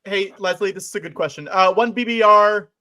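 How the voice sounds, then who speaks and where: A man's voice: high voice, brisk, background noise. A man on a charity livestream, calling out auction bids and playing along with the jokes. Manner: plays along good-naturedly, calls auction bids. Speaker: auction runner and co-host. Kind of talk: casual livestream banter.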